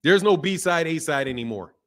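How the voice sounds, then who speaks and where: A man's voice: a little high, fairly quick. A man hosting a boxing channel, talking casually and with energy, repeating phrases and using slang. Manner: animated, repeats himself, laughs, slangy.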